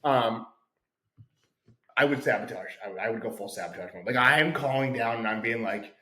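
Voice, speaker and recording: A man co-hosting a casual sports podcast, talking in a rambling, excitable way and swearing freely. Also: medium pitch, fairly quick. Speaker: podcast co-host. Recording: echoey room.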